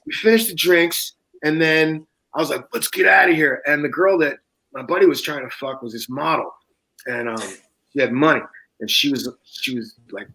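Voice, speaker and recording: A guest author on a casual talk show tells a raw personal story, swearing often, laughing, and acting out the voices of the people involved. His voice is fairly high and fairly bright, he speaks at normal speed, and the audio quality is poor.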